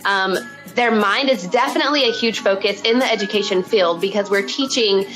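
A young woman with an Arkansas accent answers interview questions in an easy, friendly way, filling pauses with ums and small laughs. Her pitch sits in a middle range for a woman. Faint music plays under her voice. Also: low-quality recording. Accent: Arkansas Southern US. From Arkansas, United States. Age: 20s. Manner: friendly, chatty, frequent ums and soft laughs. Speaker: guest, third grade teacher.

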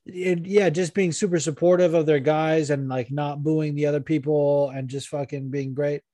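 A man co-hosting a casual podcast, ranting excitedly and swearing freely. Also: a little high, moderate pace, no echo. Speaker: podcast co-host. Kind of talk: casual chat.

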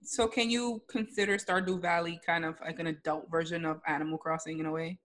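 A woman's voice: on the low side, steady tone, a little fast, a bit bright. A young adult woman co-hosting a casual podcast, speaking frankly and emphatically and swearing freely. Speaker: podcast co-host.

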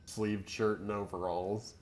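A man's voice: on the low side, flat delivery, a little slow, darkish tone, slight background noise. A man co-hosting a podcast, recapping a movie in casual, sarcastic chat with lots of swearing and laughter. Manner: profane, sarcastic, laughs often. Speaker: podcast co-host.

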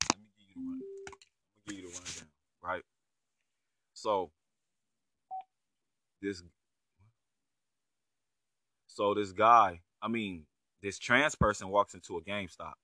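A man's voice: fairly low pitch, fairly even intonation, takes it slowly, long pauses, bright, forceful tone, no room sound, clean studio sound. A man giving casual, profane reaction commentary on a clip, incredulous and heavy on slang. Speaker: online commentator.

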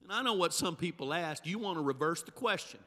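Male Pentecostal preacher, high bright voice, soft-to-shouting delivery, reverberant church hall. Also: expressive, a little fast. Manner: swings from soft intimate to shouting climaxes. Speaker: pastor. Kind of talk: Pentecostal sermon. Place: church sanctuary.

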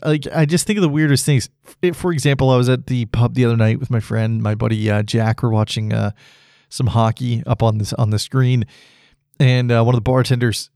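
A man's voice: mid-range voice, darkish tone, dry recording, studio quality. A man hosting a solo podcast, rambling casually and laughing at his own jokes. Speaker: podcast host.

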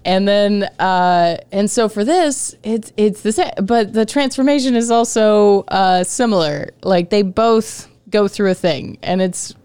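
A woman's voice: medium pitch, a little slow, few pauses, a little mellow, smooth, dry recording. A woman in a casual chat about a play, rambling with lots of fillers and casual swearing.

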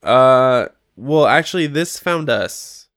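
A man's voice: medium pitch, expressive, takes it slowly, a bit bright. A laid-back man co-hosting a casual chat and reading an ad in his own easygoing way. His voice sits mid-range and the sound is dry, with no room echo. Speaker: podcast co-host.

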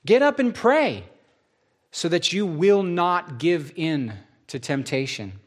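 A man voicing Jesus as a calm grown man, earnest and measured, in a Bible reading. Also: medium pitch, close to an everyday voice. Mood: urging.

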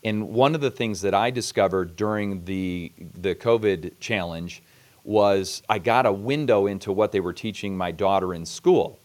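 Low-voiced man hosting an interview. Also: a little mellow. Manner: measured, reflective, steers with questions. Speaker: podcast host. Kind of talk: conversational interview.

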